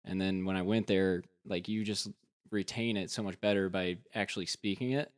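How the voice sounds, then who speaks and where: A man's voice: low-pitched, fairly even intonation, moderate pace, no echo, clean studio sound. Laid-back young man with an Ohio accent. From American Midwest. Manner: laid-back, rambling with many fillers. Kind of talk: casual chat.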